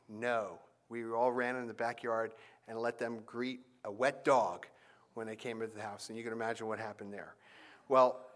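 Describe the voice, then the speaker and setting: Animated male preacher, slightly high voice. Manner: animated preaching, rising emphasis on key points. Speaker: pastor. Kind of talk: sermon.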